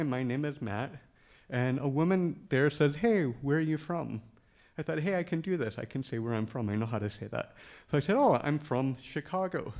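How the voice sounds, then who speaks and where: A man with a mid-range, slightly mellow voice tells a funny story about himself. He acts out what the people in it said and laughs often, giving a humorous storytelling talk.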